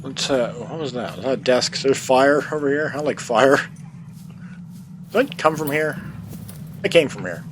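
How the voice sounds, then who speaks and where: A man's voice: mid-range voice, moderate pace, pauses often, background noise. A man giving chatty let's play commentary, laughing often and thinking aloud. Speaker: gamer.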